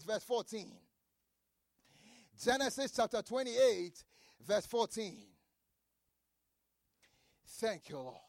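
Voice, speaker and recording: A man preaching a sermon, reading scripture and repeating key phrases with shouted emphasis. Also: very high voice, no echo, studio quality.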